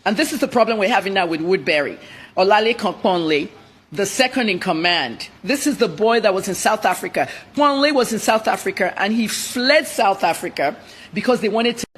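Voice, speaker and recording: A woman journalist from Nigeria speaks as a guest on a TV interview. She talks bluntly and in rapid-fire bursts. Her voice is husky and mid-pitched. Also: animated. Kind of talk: TV interview commentary.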